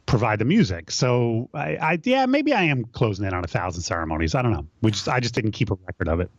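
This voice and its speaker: A man's voice: on the low side, very animated, quick pace, no echo, lo-fi sound. A middle-aged man, a wedding DJ, telling stories in casual podcast chat, often restarting his sentences. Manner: chatty, storytelling, self-interrupting.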